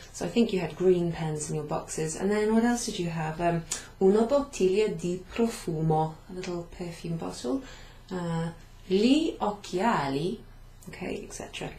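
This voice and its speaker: A woman's mellow, lowish voice, lively in intonation and at normal speed, recaps a beginner Italian class with patient explanations and repeated phrases. She turns away at times to write on the whiteboard. Echo and a faint hum fill the room.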